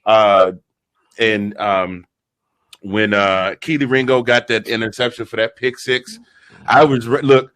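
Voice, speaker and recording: A man in his fifties, a guest short on sleep, telling an excited sports story with many restarts. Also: fairly low pitch, a little slow, no echo. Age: 50s. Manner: animated storyteller, stumbling restarts.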